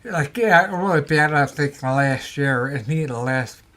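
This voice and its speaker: A man, a guest on a talk show, telling paranormal stories in casual chat, animated and acting out quotes. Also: a little high, measured pace. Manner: animated storyteller, acts out quotes.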